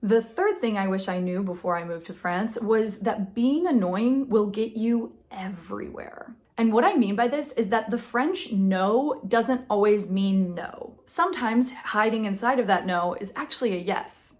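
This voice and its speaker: A young American woman giving advice in a casual vlog, chatty and quick, often acting out quoted dialogue with jumps in pitch. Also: darkish tone. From United States. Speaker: vlogger. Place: apartment in Paris.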